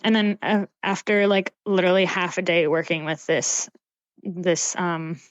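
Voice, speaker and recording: Young woman from Canada, podcast guest, animated casual chat, lo-fi call audio, dry. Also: fairly low pitch, unhurried, no echo. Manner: animated, laughs often, heavy use of "like". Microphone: remote call mic.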